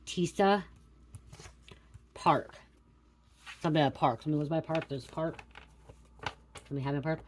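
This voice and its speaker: Low-voiced woman giving a psychic reading. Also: a little fast, pauses often, a little hiss or hum. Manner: repetitive, stream-of-consciousness, blurting names. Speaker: psychic card reader. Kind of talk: intuitive reading to viewers.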